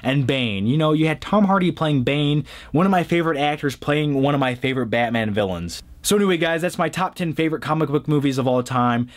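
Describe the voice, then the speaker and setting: A man's voice: fairly high pitch, expressive, a little fast, hardly any pauses. A man hosting a casual top-ten countdown of movies, chatty and joking, often adding fillers as he talks. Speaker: movie review vlogger.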